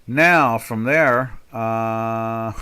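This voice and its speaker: An older man in his sixties talks through currency charts live in a rambling, folksy way, with sarcastic asides about governments. His voice is bright and forceful, at an ordinary middle pitch for a man. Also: very slow, smooth. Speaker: market commentator. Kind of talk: live trading commentary.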